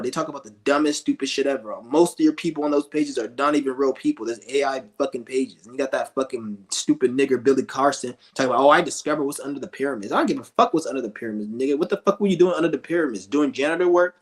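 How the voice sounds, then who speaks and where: A male streamer ranting with scorn, rambling and cursing as he goes. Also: fairly high pitch. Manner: profane, scornful, rambling rants. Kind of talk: ranting commentary.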